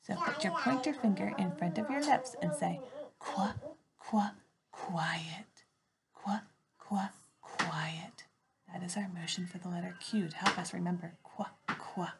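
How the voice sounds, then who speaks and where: A woman teacher giving a phonics lesson to young children from home, slowly and clearly modeling letter sounds in an animated, sing-song way. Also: fairly low pitch, over a noisy crowd.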